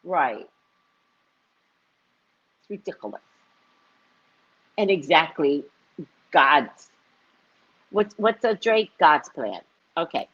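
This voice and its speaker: A woman with a husky, slightly low voice chats on a live stream. Her pitch leaps all over as she acts out each person in her story and laughs often. The sound is dull and lo-fi. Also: very animated, slow pace, long pauses. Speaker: psychic reader and vlogger. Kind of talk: casual live-stream chat.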